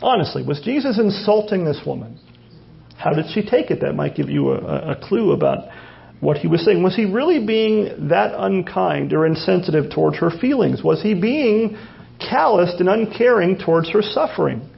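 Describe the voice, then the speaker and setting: A man preaching a sermon in a high, gravelly voice, pressing his points with rhetorical questions and frequent restarts. The recording sounds dull and lo-fi. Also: lively intonation, moderate pace. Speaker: pastor.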